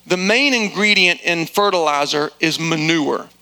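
A male pastor preaching a sermon with emphasis, slowing down to land his key lines. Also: sharp tone, clean tone, poor audio. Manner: acts out quotes in a high squealing voice.

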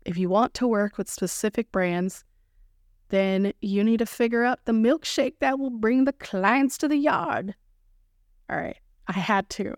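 A woman's voice: medium pitch, clean tone, no echo, clean studio sound. A woman hosting a solo podcast, talking straight to her listeners in a playful, upbeat, coaching way and enjoying corny jokes. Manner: coaching, encouraging listeners directly. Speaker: podcast host. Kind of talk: solo motivational podcast monologue.

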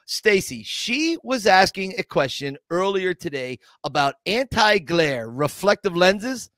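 Animated, bright-voiced male podcast host. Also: high voice, a little slow, no echo, studio quality. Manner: enthusiastic, effusive praise, stumbling restarts. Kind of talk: casual podcast chat.

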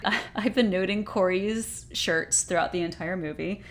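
Woman co-host, casual movie recap, animated, laughs a lot. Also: mid-range voice, moderate pace. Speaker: podcast co-host.

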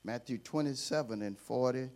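A man, a bishop, preaching a sermon in a fiery call-and-response style that swings from hushed asides to shouting. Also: mid-range voice, brisk.

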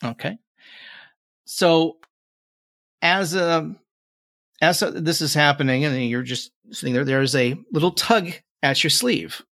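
A man's voice: on the high side, a little slow, vocal fry, pauses often, sharp tone, no room sound, clean studio sound. A man narrating a tabletop game as game master, in a casual, rambling way with lots of fillers.

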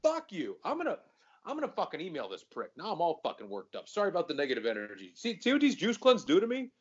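A man's voice: on the high side, wildly swooping pitch, fast talker, slightly rough, muffled recording. A man co-hosting a podcast, ranting in casual chat with lots of swearing. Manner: profane, ranting, worked up. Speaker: podcast co-host.

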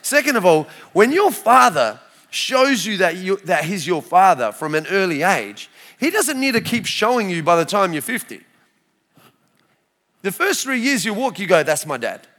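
A man in his forties with an Australian accent, telling his faith story to a church crowd in a lively, storytelling way. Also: high voice, moderate pace. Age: 40s. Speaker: speaker sharing his testimony. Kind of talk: church testimony talk.

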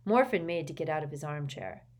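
A woman with a low voice narrates a novel. Her reading is measured and expressive. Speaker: audiobook narrator. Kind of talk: audiobook narration.

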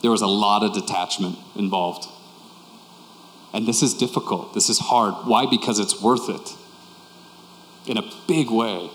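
A man delivers a sermon in a relaxed, candid way, leaning on repetition to drive his points home. His voice sits low. It rings out through a roomy church hall with a long tail of reverb. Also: unhurried, long pauses, a little hiss or hum. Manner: conversational and candid, repeating key phrases. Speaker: preacher.

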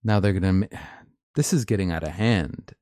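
Low-voiced man reading and ranting news. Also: normal speed, a little mellow, dry recording, clean studio sound. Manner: chatty, opinionated, full of fillers and restarts. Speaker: host. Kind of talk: live news reading and commentary.

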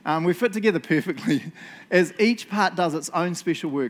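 A man's voice: high-pitched, moderate pace. A man preaching a casual, jokey sermon as lead pastor, laughing often and tagging his lines with "eh?" and "right?". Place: church hall. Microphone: handheld microphone.

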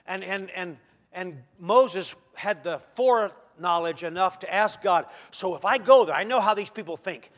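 High-voiced man preaching. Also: normal speed. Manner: dramatic, swinging from soft to shouting; acts out quoted voices of God and Moses. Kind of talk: sermon.

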